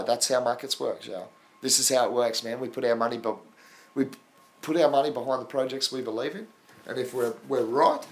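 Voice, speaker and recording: A man with an Australian accent, hosting a casual live stream and talking to viewers in chat, calling them bro and man. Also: fairly low pitch. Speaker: crypto livestream host.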